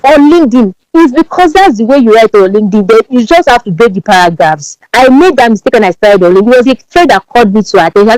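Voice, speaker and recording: Lively Nigerian woman with a Yoruba accent. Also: fairly high pitch, fast, few pauses, dry recording, low-quality recording. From Nigeria, Ibadan. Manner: animated, emphatic, repeats words as she speaks. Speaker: podcast guest, branding strategist. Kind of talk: podcast interview.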